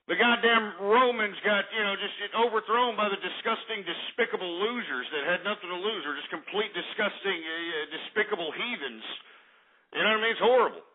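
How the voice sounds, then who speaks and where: A man's voice: sits high, a little fast. Angry cursing radio host guy, fired up, sounds like a tinny phone line. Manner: angry, profane, repetitive ranting. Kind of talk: ranting talk radio with market report.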